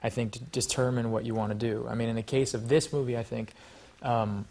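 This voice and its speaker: A man guesting on a talk show, talking at a brisk clip in an animated, joking way. His voice sits at an ordinary middle pitch, and he pokes fun at himself as he tells stories. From United States. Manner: animated, joking, self-mocking.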